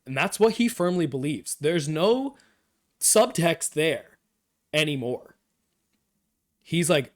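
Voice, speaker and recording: A man's voice: fairly high pitch, very animated, slow pace, long pauses. A man streaming live, chatting casually and enthusiastically as he recaps and reacts to a TV episode. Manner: enthusiastic, rambling recap with quoted lines. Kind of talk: casual show discussion.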